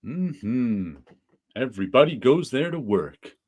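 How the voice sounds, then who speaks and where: A man's voice: medium pitch, very animated, slow pace, no room sound. A man hosting a casual podcast chat about comics, talkative, laughing often and teasing his guests. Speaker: podcast host.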